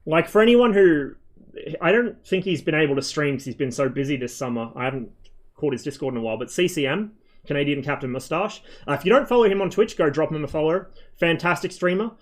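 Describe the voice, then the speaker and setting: A man's voice: on the high side, expressive, fast. Rambling, swearing male game streamer. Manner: rambling, swears freely, many ums. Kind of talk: casual rambling stream chat.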